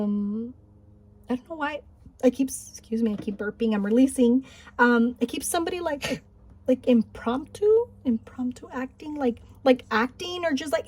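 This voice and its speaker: Soft-spoken woman giving a card reading. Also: sits high. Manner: gentle, encouraging, thinks aloud with restarts. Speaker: tarot card reader. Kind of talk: spiritual pick-a-card reading. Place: home, Highland Park, California.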